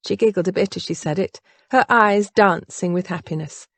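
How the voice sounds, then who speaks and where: A woman narrating an audiobook in an expressive, varied way. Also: on the low side, normal speed, hardly any pauses, dry recording. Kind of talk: scripted narration.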